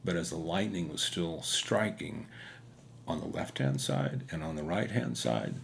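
Deep gravelly man telling a testimony. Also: sing-song, a little slow, noisy background. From Kansas. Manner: earnest, rambling, with many fillers. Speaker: motorcycle rider giving testimony. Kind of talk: personal testimony storytelling.

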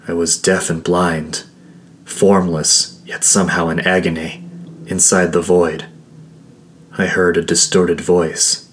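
Guy reading a first-person story, low voice, takes it real slow. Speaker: narrator.

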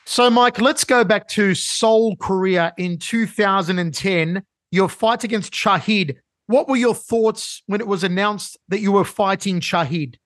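Sports co-host, man, high-pitched voice, dry close sound, lively storyteller. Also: no room sound. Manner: animated storyteller, fast bursts. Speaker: show co-host and interviewer. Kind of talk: casual sports show chat.

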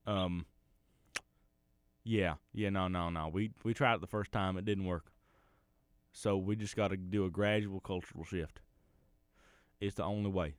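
Deep-voiced folksy Southern man. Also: fairly even intonation, a little slow, long pauses, clean tone, no room sound, studio quality. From Arkansas. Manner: folksy, rambling, mock-earnest. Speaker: podcast host. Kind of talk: comedic rambling monologue.

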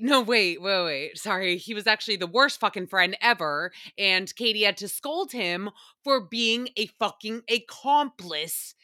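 A woman's voice: fairly high pitch, sharp tone, no echo, studio quality. A young woman hosting a podcast, chatting casually about a reality TV episode, swearing freely and laughing often. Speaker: podcast host. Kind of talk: casual TV recap chat.

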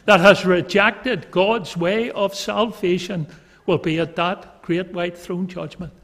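Fervent high-voiced preacher in echoey hall. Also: male voice, fairly even intonation, takes it slowly. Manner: fervent, rising and dropping in loudness. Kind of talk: sermon.

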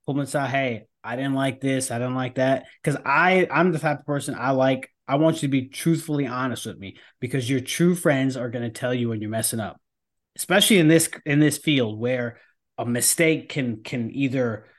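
A man's voice: mid-range voice, moderate pace. A man hosting a podcast, himself a firefighter, speaking in an earnest, emphatic and casual way.

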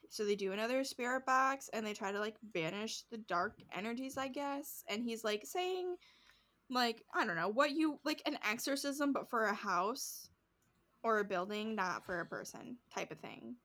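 A woman's voice: fairly high pitch, lively intonation, normal speed, a bit bright. A woman in casual podcast chat, recapping a show with lots of fillers and acted-out quotes. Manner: chatty, heavy use of "like", acts out quotes. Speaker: podcast co-host.

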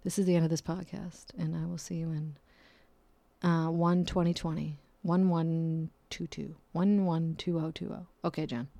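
A woman's voice: low-pitched, level tone, normal speed, gravelly, mellow, dry recording. A woman hosting a casual solo podcast and talking about her work as a nurse, blunt and profane, rambling with frequent fillers. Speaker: podcast host.

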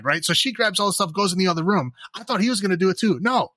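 A man co-hosting a podcast, chatting casually about a horror film, sarcastic and animated, with lots of fillers and laughs. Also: a little high, fast talker, no room sound. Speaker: podcast co-host. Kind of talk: casual horror movie chat.

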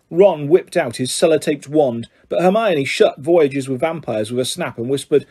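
A man's voice: on the high side, animated, moderate pace, hardly any pauses, warm tone, breathy edge. A man narrating a story aloud, reading steadily with small slips and restarts. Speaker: audiobook reader.

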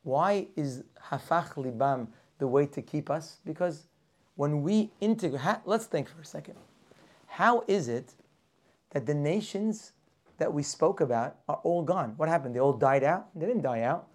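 Animated male rabbi, lecture voice, asks questions, acts out characters. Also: a little high, measured pace. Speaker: rabbi teaching a weekly class. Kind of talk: lively Torah class lecture.

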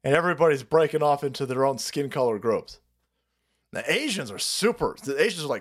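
An older man hosting a profane political livestream, ranting and mocking, dropping to low mutters between bursts of laughter. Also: animated, brisk. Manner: foul-mouthed, swings from loud mockery to low mutters, laughs often. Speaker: political commentary streamer.

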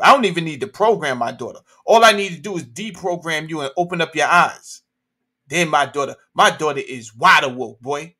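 A man's voice: fairly high pitch, expressive, fairly quick, sharp tone. A man hosting a livestream, talking in an emphatic, slangy way full of rhetorical questions. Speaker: livestream host. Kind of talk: animated opinion talk.

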